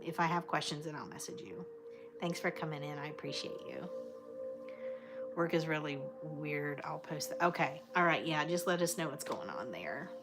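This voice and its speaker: A woman chats casually with her livestream viewers, affectionate and fond, calling them sweet names. Her voice sits a little low for a woman. Clear background music plays under her talk. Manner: chatty and affectionate, fond of terms of endearment. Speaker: livestream host. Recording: clear music playing behind the voice.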